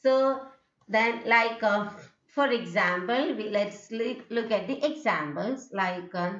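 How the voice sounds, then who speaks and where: Slow Indian-English woman lecturing in a roomy room. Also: mid-range voice, fairly bright tone. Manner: repeats "okay" and "isn't it", demonstrates intonation. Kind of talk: recorded distance-learning lecture. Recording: dull, roomy classroom recording.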